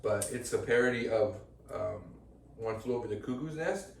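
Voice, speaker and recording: Low-voiced man riffing crude jokes. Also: lively intonation, normal speed, vocal fry, roomy sound, recorded from a distance, a little hiss or hum, rough recording. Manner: crude, joking, riffs on bits. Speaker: podcast co-host. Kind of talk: casual comedic chat.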